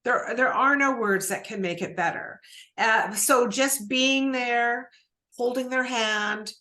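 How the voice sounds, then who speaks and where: A woman's voice: on the high side, slow, sharp tone. A woman hosting an interview, asking rambling questions with many restarts. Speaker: podcast host. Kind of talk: casual interview conversation.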